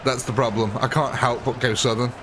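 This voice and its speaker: A man's voice: mid-range voice, steady tone, a little fast, background noise. Chatty guy streaming a game. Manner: chatty, chuckling, answers chat. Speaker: gaming livestream host. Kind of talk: casual live-stream chat.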